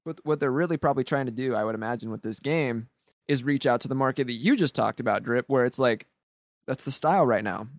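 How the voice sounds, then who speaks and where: An excited man co-hosting a podcast, rambling along in casual chat. His voice sits at an ordinary middle pitch. It is recorded dry and close, with no room sound. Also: fast, dry recording. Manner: excited rambling with many restarts. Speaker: podcast co-host.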